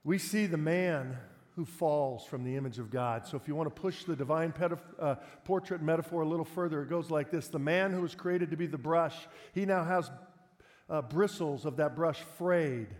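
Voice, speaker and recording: A man's voice: a little high, normal speed, darkish tone. A male pastor preaching a sermon in a conversational way, asking his listeners rhetorical questions. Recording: long hall reverb.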